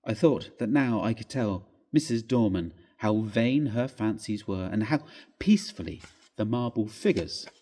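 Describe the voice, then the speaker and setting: A man narrating a classic ghost story as a dramatic reading in a church, hushed and suspenseful, with long pauses. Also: fairly low pitch, expressive.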